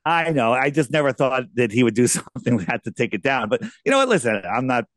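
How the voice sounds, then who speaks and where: A man's voice: medium pitch, very animated, fast, no room sound, studio quality. A man being interviewed as a guest, telling casual, rambling anecdotes with lots of restarts.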